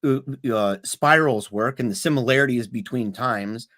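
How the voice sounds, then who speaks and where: A man's voice: medium pitch, normal speed, a bit bright, no echo, studio quality. A man co-hosting a casual podcast, talking earnestly and animatedly, often laughing and repeating himself. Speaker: podcast co-host.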